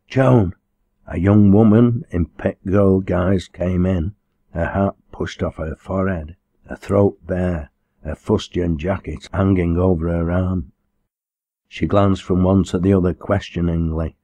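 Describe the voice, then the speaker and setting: A man reading a novel aloud in a measured, even storytelling manner. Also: sits low, husky, no room sound. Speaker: audiobook reader. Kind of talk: scripted narration.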